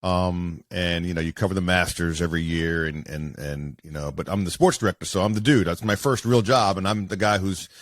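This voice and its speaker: A man, a sportscaster, telling stories casually as an interview guest in an animated way with many fillers. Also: low voice, a little fast, hardly any pauses, dry recording, studio quality. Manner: animated, acts out quoted voices, many fillers.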